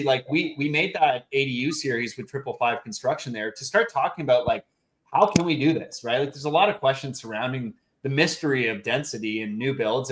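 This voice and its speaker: A man's voice: medium pitch, fairly bright tone. Blunt, ranting man host, profane. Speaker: show host and real estate investor. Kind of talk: round table discussion.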